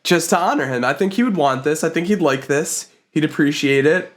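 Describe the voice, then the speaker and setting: A man's voice: fairly high pitch, a little fast. A man co-hosting a casual comedy podcast, laughing often and joking loosely. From Serbia. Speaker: podcast co-host.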